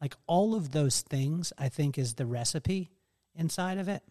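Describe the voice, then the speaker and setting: High-voiced man telling animated stories. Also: measured pace. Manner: animated storytelling, mimics others' voices; laughs often. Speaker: podcast host. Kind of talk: casual chat.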